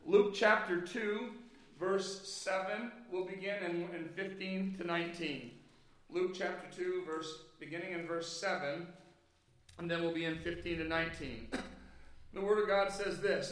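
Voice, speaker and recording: A man preaching a sermon in a church, with a loud carrying voice and folksy asides. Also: high-pitched, steady tone, a little slow, recorded from a distance. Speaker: pastor. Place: church hall. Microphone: handheld or stand mic. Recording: very echoey church room.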